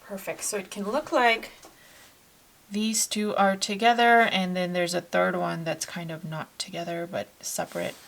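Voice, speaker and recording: A woman teaching a watercolour painting tutorial in a casual, chatty way, talking softly as she paints and sometimes dropping to a near-whisper. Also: lowish voice, unhurried, vocal fry, rough recording. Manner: chatty and relaxed, with fillers and self-corrections.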